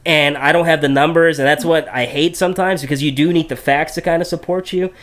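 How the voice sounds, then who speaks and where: A man's voice: fairly high pitch, fairly even intonation, a little fast, fairly bright tone. A man hosting a podcast in casual discussion, thinking aloud with restarts and many tag questions. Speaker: podcast host.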